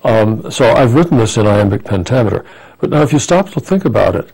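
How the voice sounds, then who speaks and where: A man being interviewed as an author on public-access television, speaking in a measured, thoughtful way and quoting famous speeches from memory. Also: mid-range voice, expressive, gravelly, darkish tone, slightly rough, low-quality recording.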